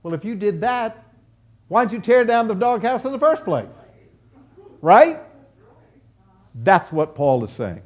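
A man's voice: sits high, very animated, measured pace, long pauses, darkish tone. A male preacher teaching a sermon verse by verse, emphatic and fond of rhetorical questions. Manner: emphatic, pounding home points with rhetorical questions.

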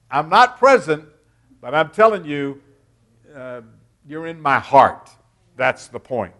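A middle-aged male pastor delivers an expository sermon at an unhurried, deliberate pace. His voice sits a bit higher than most men's, and he leans hard on key words, then drops almost to a murmur. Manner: emphatic, dramatic rises and drops in loudness.

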